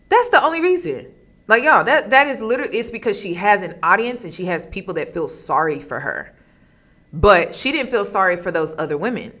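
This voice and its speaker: A woman's voice: fairly low pitch, fairly bright tone. A woman hosting a reaction commentary, emphatic and exasperated, often turning to her viewers. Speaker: commentary host.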